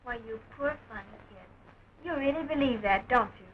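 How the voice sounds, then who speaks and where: An actress playing a young woman held in jail, soft and tremulous, with a dull 1920s film sound. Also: a little high, moderate pace, a little hiss or hum, close to an everyday voice. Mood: tender. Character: young jailed woman, tender and tearful.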